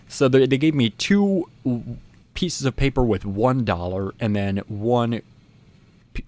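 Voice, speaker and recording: A man's voice: on the low side, darkish tone. A young man telling a personal story in a casual, rambling way, with lots of fillers and restarts. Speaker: channel host.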